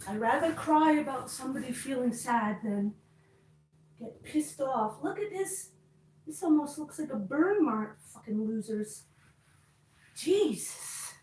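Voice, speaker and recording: A woman's voice: sits high, animated, measured pace, darkish tone, recorded from a distance, slight background noise. A woman vlogger chatting casually to camera, reading out viewer comments and reacting bluntly, swearing when annoyed. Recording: roomy, from away from the mic.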